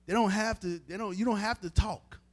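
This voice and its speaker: A man's voice: high-pitched, fairly quick. A man preaching a sermon in a casual, emphatic way, speaking straight to his listeners. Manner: informal, emphatic, talks straight to the crowd. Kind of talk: street-style sermon teaching.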